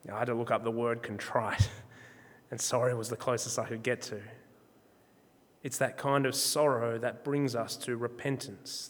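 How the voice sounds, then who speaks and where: A man preaching a sermon in a measured, emphatic way, slowing down on key words. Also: mid-range voice, a bit bright, in a large hall. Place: church.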